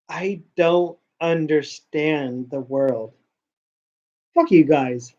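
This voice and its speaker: A man hosting a casual talk show, ranting and rambling with lots of swearing. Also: on the high side. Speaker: podcast host. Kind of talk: casual rant. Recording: dull lo-fi sound.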